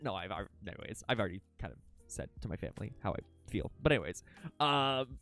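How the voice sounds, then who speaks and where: A young man talking casually to his viewers on a live stream from his home setup. He rambles and restarts, swears freely and gets emotional. His voice is bright and tense, and it swings widely up and down. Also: lowish voice, animated, quick pace, vocal fry, faint music behind.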